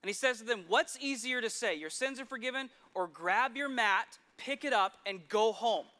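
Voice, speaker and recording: Guy preaching a sermon, high bright voice, tells the stories lively then goes real quiet. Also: moderate pace. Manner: storytelling, with sudden drops to a hush.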